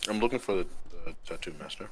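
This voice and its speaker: A man playing in a tabletop game, speaking in a low-key, laid-back way. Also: fast talker, breathy edge. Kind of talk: casual game talk.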